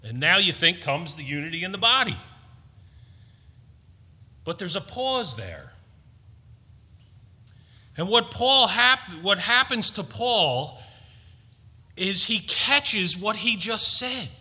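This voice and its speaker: Emphatic preacher in a reverberant hall. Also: male voice, high-pitched, slow pace, long pauses, husky. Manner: animated, emphatic preaching with playful asides. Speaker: pastor. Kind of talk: sermon.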